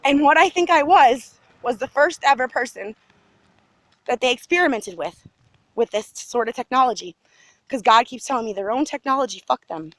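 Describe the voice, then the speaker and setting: Agitated, high-voiced woman ranting. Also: moderate pace, no echo. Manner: agitated, emphatic, jumps between topics. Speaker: vlogger. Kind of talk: rambling monologue to camera. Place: outdoors in a residential neighborhood.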